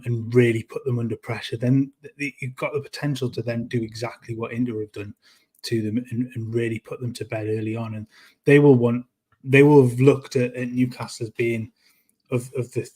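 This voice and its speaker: A man's voice: medium pitch, little pitch movement, darkish tone, breathy edge. A man co-hosting a football podcast in casual chat, stopping and restarting his sentences often. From North East England. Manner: halting, many restarts and repeated words. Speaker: podcast co-host.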